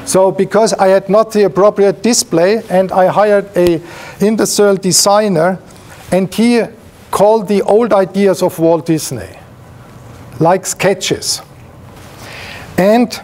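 A man's voice: high-pitched, a little mellow. A male professor giving an academic seminar lecture, explaining while pointing at slides, with frequent fillers and restarts.

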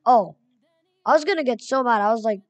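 A young woman giving excitable, chatty commentary while playing a video game, reading names aloud as she goes. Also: fairly high pitch, fairly quick, no room sound. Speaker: gamer. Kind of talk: gameplay commentary.

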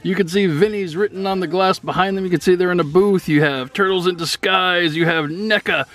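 A man with a slightly raised pitch reviews toys in a casual, excitable way. He gushes over each detail with gasps of delight. He sounds a little out of breath as he talks. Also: fairly quick. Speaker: toy reviewer.

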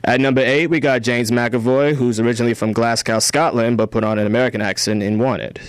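A man's voice: mid-range voice, steady tone, fairly quick, smooth, no room sound. A young man co-hosting a college radio film show, giving reviews and reading a countdown in an easygoing way. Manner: easygoing, filler-heavy. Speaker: radio co-host. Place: radio studio. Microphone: studio microphone.

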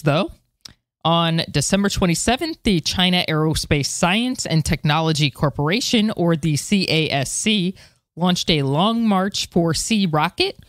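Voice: mid-range voice, dry recording, studio quality. A podcast co-host chatting casually and reading space news. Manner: lively, quick laughs. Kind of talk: casual chat and read news.

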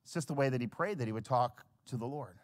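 A male pastor preaching a sermon, swinging from hushed lines to loud acted-out scenes. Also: medium pitch, quick pace. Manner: acts out little scenes in quoted voices.

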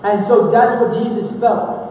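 In a church in Houston, Texas, a pastor with a very high-pitched yet dark-toned voice preaches at a moderate pace, earnest and conversational, often restarting his sentences. The echoey hall, distant mic and slight hiss or hum shape the recording.

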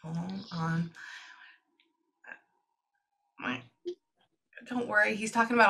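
A woman working as a psychic medium, giving a reading to a client and relaying messages in quick, chatty asides. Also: medium pitch, steady tone, pushed and bright.

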